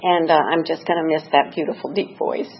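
A woman's voice: deep voice, fairly even intonation, brisk, highs cut off, noisy background. Candid woman telling laughing anecdotes. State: tearful at times. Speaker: speaker at a memorial AA gathering. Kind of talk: personal eulogy storytelling.

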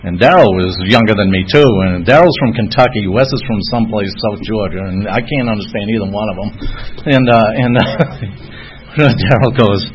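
A man's voice: on the low side, moderate pace. A man with a Boston accent sharing a personal recovery story in a rambling way, with many fillers and frequent chuckles. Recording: dull lo-fi recording with faint noise.

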